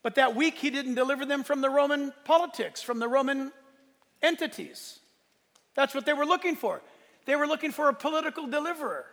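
A man's voice: very high voice, a little fast, fairly bright tone. A man preaching a sermon as pastor, impassioned, swelling and dropping in force. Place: church sanctuary. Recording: long reverb of a large hall.

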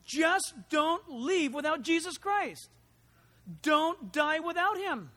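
A man preaching a sermon as pastor, animated, swinging from quiet asides to loud emphatic lines. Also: very high voice, takes it slowly.

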